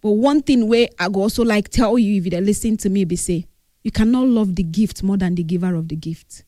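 A woman's voice: medium pitch, a little fast, mellow, dry recording, studio quality. Grieving Nigerian woman, earnest tribute. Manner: earnest, mixes English with Pidgin. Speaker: grieving friend giving a tribute. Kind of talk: emotional spoken tribute.

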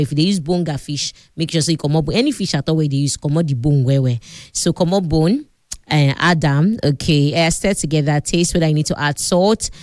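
A chatty Nigerian woman hosts a radio cooking show, walking listeners through each step. Her voice sits on the lower side for a woman, and the studio sound is dry and close. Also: darkish tone, no echo. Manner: chatty, instructive, often laughing. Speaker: radio host.

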